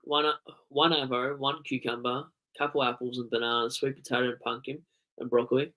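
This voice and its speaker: On his livestream, a congested young Australian host rambles in a mid-range voice at a slightly quick clip. Casual chatter gives way to swearing and energetic outbursts.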